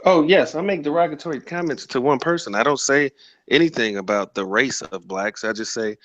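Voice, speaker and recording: A man's voice: medium pitch, a little fast, fairly bright tone, muffled recording. A man in a heated online voice chat who mocks and insults the other speaker with sarcasm. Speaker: debate participant.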